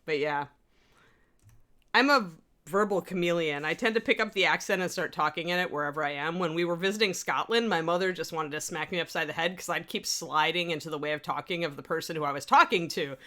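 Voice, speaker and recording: A woman hosts a hobby livestream in a lower than usual voice with a bright, forceful edge. She talks in loose, rambling chat and laughs often. She answers her chat messages as they come in. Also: a little fast. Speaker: livestream host.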